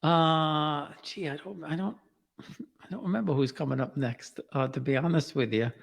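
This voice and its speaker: New York man, interview guest, a bit high-pitched, chatty and repetitive, in a reverberant hall. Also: moderate pace, gravelly. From Queens, New York. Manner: chatty, repeats words, laughs often. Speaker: guest, genealogy author and podcaster. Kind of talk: casual interview chat.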